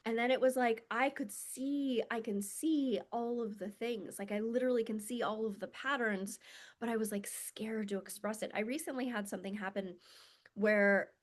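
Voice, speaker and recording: Female self-development coach, a bit high-pitched, earnest and confessional, casual and filler-heavy delivery. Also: steady tone, moderate pace. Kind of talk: casual reflective monologue.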